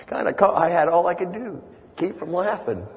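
A man delivers an earnest sermon, his voice sitting fairly high. His phrases build into emphatic repetitions. The sound rings with a long reverb, as in a large church sanctuary. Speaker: preacher.

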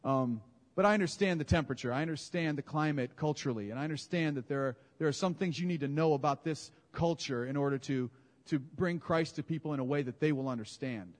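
A man preaching a sermon in a conversational, animated way, often correcting his own words. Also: on the high side, quick pace. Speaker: pastor. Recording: long hall reverb.

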